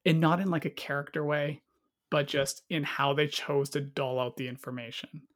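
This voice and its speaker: A man's voice: a little high, steady tone, moderate pace, fairly bright tone. A man chatting casually about a movie, rambling and cutting himself off, acting out lines in quotes. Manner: rambling, self-interrupting, acts out quotes. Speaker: movie reviewer. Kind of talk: casual podcast chat.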